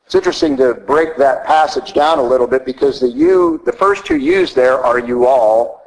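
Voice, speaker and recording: A man's voice: mid-range voice, wildly swooping pitch, normal speed, vocal fry, rough recording. A man with a Southern American accent preaching a sermon, emphatic and teacherly, often asking rhetorical questions.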